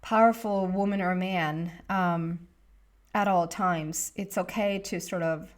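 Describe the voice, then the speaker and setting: A woman in her thirties giving a tarot reading in a casual, rambling monologue, emotional and quick to laugh. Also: on the low side, steady tone. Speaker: tarot reader.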